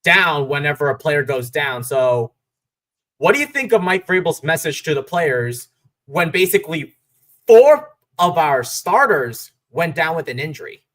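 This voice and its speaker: A man's voice: on the high side, animated, fairly bright tone. A man hosting a casual sports talk stream, rambling through results and asking his co-hosts for their takes. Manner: rambling, restarts, lists results quickly. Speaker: podcast host.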